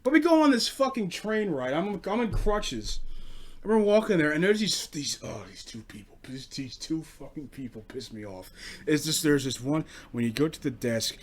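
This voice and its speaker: A twenty-year-old man telling a story in a casual rant, swearing constantly and sounding exasperated. His voice sits somewhat high for a man. He swings from grumbling low to loud outbursts. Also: big pitch swings, moderate pace. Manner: profane, exasperated. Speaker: host.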